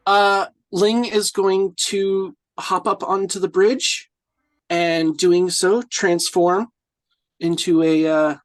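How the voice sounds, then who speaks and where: A woman's voice: lowish voice, steady tone, slow, no room sound. A woman playing in a tabletop game, casual, swearing and laughing as she checks her rules. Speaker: player.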